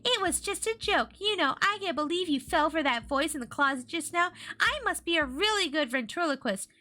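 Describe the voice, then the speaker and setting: A woman's voice: extremely high pitch, animated, brisk, bright, forceful tone, voice pushed up, exaggerated voice. Woman doing a smug prankster girl. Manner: gloating, teasing. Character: smug, mean-spirited prankster girl twin. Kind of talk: reading a storybook aloud.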